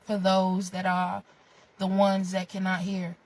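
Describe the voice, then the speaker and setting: A woman's voice: mid-range voice, measured pace, low-quality recording. A young woman vlogger giving a blunt, profane motivational rant in casual chat. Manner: profane, blunt, animated with bursts of laughter.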